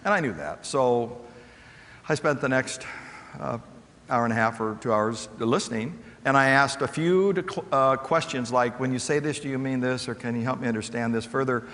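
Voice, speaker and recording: A male motivational speaker tells stories on stage and acts out the voices of the people in them. His voice sits at a middle pitch. A long reverb trails each phrase, as in a big hall. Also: moderate pace. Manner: animated storyteller acting out quoted voices. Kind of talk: storytelling keynote talk.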